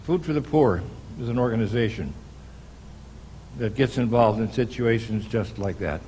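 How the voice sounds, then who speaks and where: An older American man preaching a sermon in a church, telling a story at an unhurried pace with pauses and restarts. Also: mid-range voice, dark tone, a little hiss or hum. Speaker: pastor.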